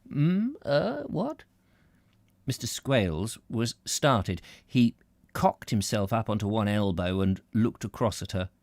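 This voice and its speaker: A man's voice: lowish voice, measured pace, a little mellow, no room sound. A man hosting a live reading of a novel, narrating expressively with occasional slips and restarts. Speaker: book reader, host.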